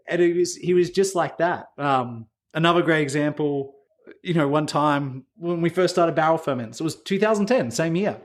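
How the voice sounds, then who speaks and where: A man's voice: fairly high pitch, moderate pace. A man who runs a winery, a guest on an interview podcast, telling casual stories full of fillers and acted-out dialogue. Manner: anecdotal, acts out quoted dialogue with filler words.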